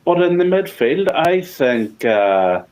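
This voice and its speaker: A man co-hosting a casual football podcast, who deliberately slows his speech and talks carefully. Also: on the high side, sing-song, darkish tone, smooth, rough recording. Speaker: podcast co-host.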